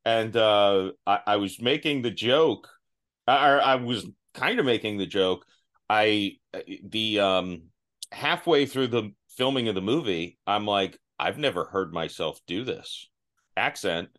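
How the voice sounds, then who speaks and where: Guy hosting a podcast, lowish voice, kinda halting, laughs at himself. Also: animated, a bit bright. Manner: self-deprecating, halting with restarts. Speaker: podcast host. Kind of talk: casual chat.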